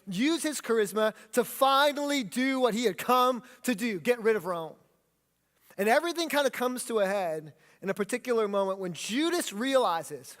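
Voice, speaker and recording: A pastor delivers a sermon in a lively, animated style, calling on the congregation to speak lines back with him. His voice sits high for a man, and it carries through a hall with long reverb. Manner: animated preaching, leads congregation in call-and-response. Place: church sanctuary.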